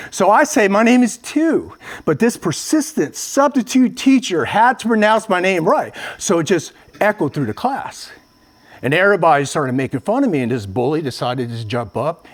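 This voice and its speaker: A man from Vietnam giving a public talk, telling a personal story earnestly and addressing the audience directly. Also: on the high side. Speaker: motivational speaker. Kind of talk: public speech.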